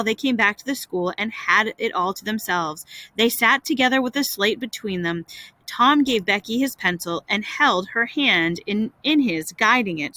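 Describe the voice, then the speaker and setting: A woman reading a classic story aloud with expressive delivery, dropping in wry casual asides. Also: mid-range voice, rough recording. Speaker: reader.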